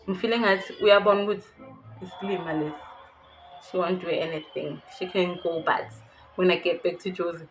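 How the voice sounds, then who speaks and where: A woman's voice: on the low side, steady tone, slow, pauses often, fairly bright tone, soft background music, rough recording. A young South African woman with a South African accent, candidly telling a personal story to her viewers and laughing nervously at times. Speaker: YouTuber. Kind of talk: storytime vlog.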